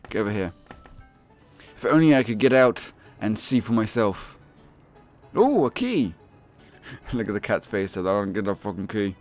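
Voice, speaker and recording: A young man giving excitable, swearing commentary on a game, laughing often and yelping in high squeaks. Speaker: gaming video host.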